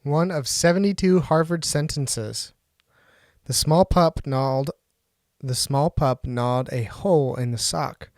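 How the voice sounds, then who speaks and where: A man's voice: fairly high pitch, takes it slowly. Casual man testing a mic. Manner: offhand, chatty, reading test phrases aloud. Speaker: host of a microphone review vlog. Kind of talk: casual mic-test talk and test readings. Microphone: podcast microphone close to the mouth.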